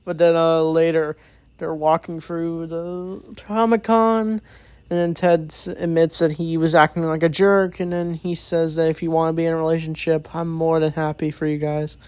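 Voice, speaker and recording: A man's voice: a little high, level tone, normal speed, darkish tone, clean tone, no echo. Rambling man recapping a movie plot. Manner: rambling, many fillers, acts out quoted lines. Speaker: movie reviewer. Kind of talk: casual spoken plot recap.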